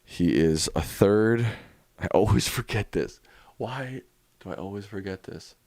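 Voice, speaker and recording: A man hosting a casual livestream, chatting in a relaxed way and thinking aloud as he answers viewers. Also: lowish voice, unhurried, dry recording. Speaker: livestream host.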